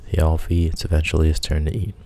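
A man retells a myth in a casual, conversational way. His voice is very deep and dark, with plenty of fry and little rise and fall. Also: flat delivery, fast. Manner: conversational, plain, with small fillers. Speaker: storyteller.

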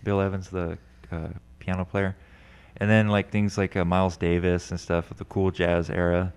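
Low-voiced laid-back man on a panel. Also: little pitch movement, moderate pace, darkish tone, clean tone. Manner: laid-back, hesitant with fillers, blunt when teasing. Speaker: podcast panelist. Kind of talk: casual panel chat.

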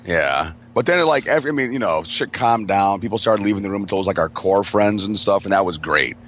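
A man's voice: lowish voice, lively intonation, fast, a bit bright, slight background noise. A man, a podcast co-host, telling rambling, profane party stories to friends and laughing often. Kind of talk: casual storytelling among friends.

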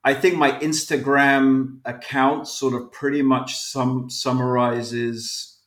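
A man's voice: mid-range voice, little pitch movement, takes it slowly, fairly bright tone. An English man with a mixed, once-posh accent, a podcast guest who talks in a rambling, hesitant way. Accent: English, posh schooling mixed. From England. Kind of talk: casual interview chat. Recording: echoey room.

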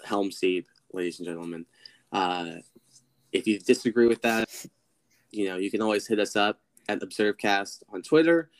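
A man's voice: lowish voice, moderate pace. A man co-hosting a casual film discussion podcast, joking and swearing as he wraps up the episode. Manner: joking, profane, wraps up the show. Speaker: podcast co-host.

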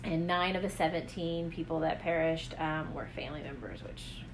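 A woman's voice: low-pitched, moderate pace, background noise. A middle-aged woman co-hosting a podcast, chatting casually in a rambling way with many fillers. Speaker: podcast co-host.

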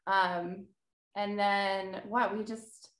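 A woman's voice: mid-range voice, level tone, very slow, a bit bright. A woman in her thirties, a podcast guest, chatting in a rambling way and laughing easily. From New Jersey. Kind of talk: casual chat. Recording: echoey room.

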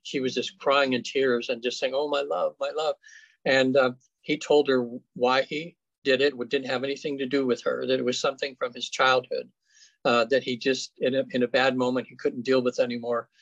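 A man, a guest on an interview show, recounts cases in a casual, halting way full of fillers and restarts. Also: mid-range voice, level tone, a bit bright, no echo, muffled recording. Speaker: afterlife researcher guest.

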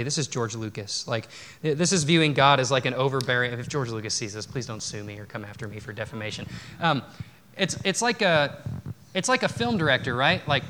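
A man delivers a sermon to a church congregation in a conversational, unpolished way. His voice sits a little on the high side, and he restarts phrases often and drifts into self-deprecating asides before returning to his point. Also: a bit bright. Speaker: pastor. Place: church sanctuary.

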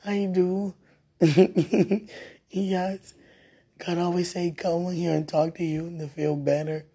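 A woman's voice: lowish voice, little pitch movement, takes it slowly, warm tone, slightly rough. A woman leaving a tender, teasing phone message for her partner, with the phone held close to her mouth. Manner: tender, sweet-talking, teasing.

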